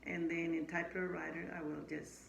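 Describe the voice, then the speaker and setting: A woman's voice: lowish voice, moderate pace, vocal fry, dull audio. A woman who came as an immigrant, telling her work story in a casual interview and acting out the dialogue. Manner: animated, acts out quoted dialogue. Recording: echoey room, faint background noise.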